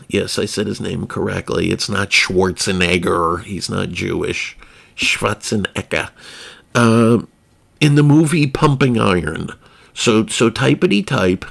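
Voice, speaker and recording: A young man telling a casual storytime anecdote in a rambling, animated way, with side remarks and comic exaggeration. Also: mid-range voice, vocal fry.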